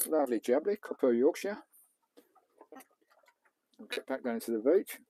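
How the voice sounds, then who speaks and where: Chatty Englishman with a mellow voice. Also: medium pitch, animated, measured pace, long pauses, slight background noise. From England. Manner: chatty, swears casually, talks to viewers as he works. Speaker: vlogger. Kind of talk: casual live-stream chat. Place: outdoors on a beach and in his camper van. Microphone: small clip-on mic, distance varying.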